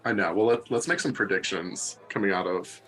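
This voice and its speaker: A man with a fairly low voice trades jokes about a novel on a podcast. He is casual and playful, often slipping into quick acted-out asides as he sums up the story. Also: fairly bright tone, breathy edge, soft background music, low-quality recording. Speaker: book podcast co-host. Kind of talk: casual book discussion.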